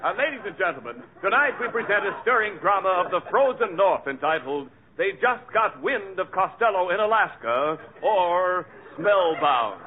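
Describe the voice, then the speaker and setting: A man announcing in a formal, brisk 1940s radio style. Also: high voice, big pitch swings. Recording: tinny old radio broadcast with hiss.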